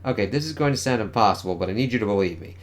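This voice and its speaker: A man reading the lines of an urgent, analytical young woman genius from a comic, in a slightly hurried voice. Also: on the low side, animated, natural voice.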